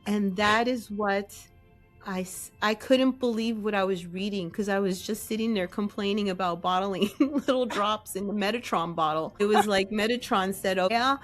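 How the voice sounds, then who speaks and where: A woman's voice: medium pitch, normal speed, soft background music. A woman guest in an interview, telling her story casually and acting out her own inner voice. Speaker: guest, essence maker.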